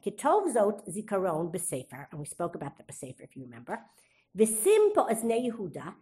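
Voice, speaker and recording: A woman's voice: mid-range voice, darkish tone. A woman teaching a Torah class, reading Hebrew verses aloud and quizzing her students with questions she then answers. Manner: reads Hebrew verses aloud between explanations.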